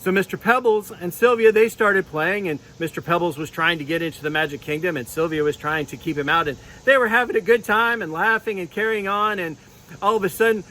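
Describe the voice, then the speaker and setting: A man telling a children's sermon with puppets, in a gentle storytelling manner. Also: sits high, fairly quick, poor audio. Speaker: clergy giving children's sermon.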